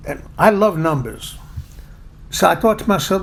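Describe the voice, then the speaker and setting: A man's voice: sits high, animated, normal speed, creaky. A man casually telling a personal story, chatty and plainspoken, poking fun at himself. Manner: chatty, plainspoken, self-deprecating.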